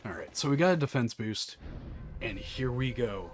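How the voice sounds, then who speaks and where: A man's voice: mid-range voice, animated, moderate pace, a little hiss or hum. A man giving jokey let's play commentary, sliding into mock-grand announcements as he plays. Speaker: gaming channel host. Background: game music.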